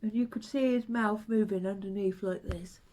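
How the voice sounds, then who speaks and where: A woman, chatting to the camera and telling old stories in a relaxed, reminiscing way. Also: medium pitch, normal speed. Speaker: vlogger. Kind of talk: casual chat to camera.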